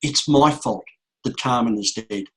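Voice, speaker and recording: A middle-aged man, a motivational speaker, telling a painful story to an audience in a slow, repetitive way with emphatic pauses. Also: mid-range voice, fairly bright tone, husky, low-quality recording. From Australia. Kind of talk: emotional speech to an audience.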